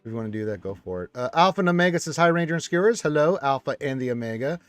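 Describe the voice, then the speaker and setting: A man's voice: a little high, animated, racing, dry recording, faint music behind. A man hosting a casual live stream, reading viewer comments aloud and chatting back from a room full of action figures.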